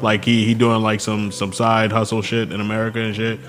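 A man's voice: lowish voice, monotone, brisk, fairly bright tone, in a large hall, a little hiss or hum. A young man in casual chat with friends, talking about an anime movie in laid-back, dismissive slang.

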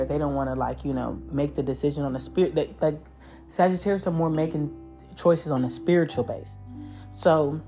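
A woman with a low, mellow voice gives a loose, profane tarot reading. She talks in an animated way and keeps slipping into the voices of spirits. Soft music plays faintly behind her. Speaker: tarot reader.

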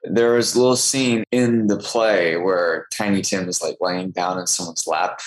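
A man's voice: low voice, fairly even intonation, normal speed, poor audio. A young man from Texas, an actor, telling stories in a casual interview with a chatty, self-deprecating manner. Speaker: guest actor.

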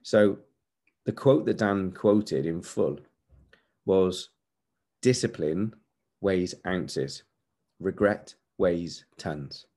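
A man in his forties talks straight to his podcast listeners in a low, dark, mellow voice. He is earnest and candid, and he hammers points home with repeated phrases. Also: extremely slow, pauses often. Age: 40s. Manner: earnest, candid, repetitive emphasis. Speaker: podcast host. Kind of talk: motivational podcast monologue.

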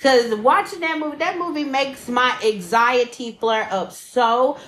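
A woman's voice: high voice, a little slow. A young woman co-hosting a podcast, chatting casually with lots of swearing and laughter. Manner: animated, profane, laughs often. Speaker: podcast co-host. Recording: echoey room.

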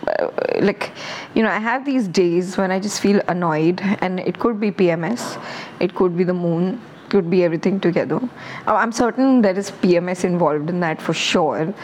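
A woman's voice: lowish voice, a little hiss or hum, low-quality recording. A woman hosting her own podcast, talking on her own in a candid, rambling, self-reflective way. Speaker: podcast host. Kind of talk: casual solo podcast monologue.

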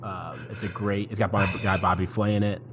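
A man's voice: fairly low pitch, little pitch movement, fairly quick, noisy background. A young man co-hosting a casual podcast chat, joking and acting out quotes in his stories. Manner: jokey, acts out quotes. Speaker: podcast co-host.

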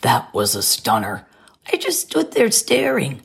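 Slow husky woman telling a story. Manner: gentle, slow and expressive, rising high on surprised lines. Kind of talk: storybook narration.

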